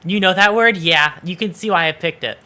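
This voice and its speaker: Guy streaming, bright punchy voice, kinda high, teasing chat, bit of music behind. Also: a little fast. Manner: playful, teasing, swears casually. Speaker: VTuber streamer. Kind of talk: casual live-stream chat.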